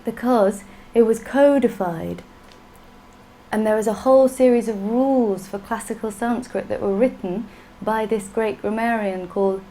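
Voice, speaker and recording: A woman's voice: a little high, moderate pace, warm tone, a little hiss or hum, low-quality recording. A woman teaching a class, patient and playful, often laughing. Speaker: Sanskrit teacher. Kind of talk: classroom lesson.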